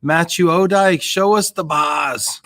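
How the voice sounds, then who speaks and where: A man's voice: a little high, takes it slowly, fairly bright tone, no echo. Upbeat man hosting, dry close sound. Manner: upbeat and jokey, reads out viewer comments. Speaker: host. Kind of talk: live-stream hosting.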